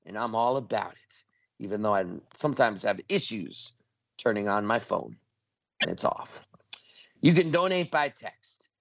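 A man's voice: medium pitch, no room sound, muffled recording. A man co-hosting a community radio show, making an upbeat pledge-drive appeal for donations. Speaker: radio co-host.

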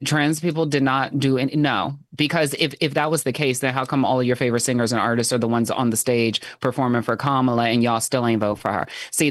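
A man in casual political chat, ranting in an animated, exasperated way and acting out the people he quotes. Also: mid-range voice, no room sound, studio quality.

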